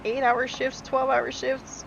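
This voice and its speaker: A woman's voice: high-pitched, completely flat delivery, a little slow, creaky, muffled recording, noisy background. A woman in her forties streaming live, telling stories in casual chat while gaming, laughing often and acting out the people she quotes. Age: 40s.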